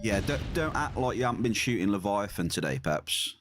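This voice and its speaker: A man talks casually to his live-stream viewers while he plays, his voice sitting on the low side. He often repeats a word or two as he gets going. Soft music plays faintly underneath. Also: very animated, fairly quick. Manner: chatty, repeats words while playing. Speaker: game streamer.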